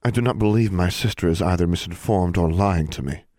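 A stern woman dean speaks in a low, dry, formal tone with a slight edge, as a male reader gives her lines. Every word is measured and precise. A storybook figure of quiet authority. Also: no room sound, lightly acted.

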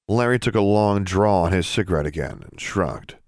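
A man narrating a fantasy story as an audiobook, steady storytelling with expressive dialogue. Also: low voice, normal speed, hardly any pauses, dry recording, clean studio sound.

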